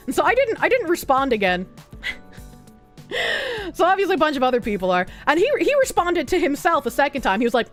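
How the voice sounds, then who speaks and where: A woman streamer chatting casually and crudely, sarcastic and quick to laugh. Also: sits high, very animated, soft background music. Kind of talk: casual livestream chat.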